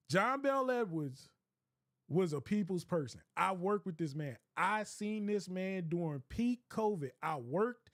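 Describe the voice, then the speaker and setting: A man's voice: sits high, dry recording, studio quality. A young man telling a rambling, profane story in casual chat, often breaking into laughter. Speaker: streamer.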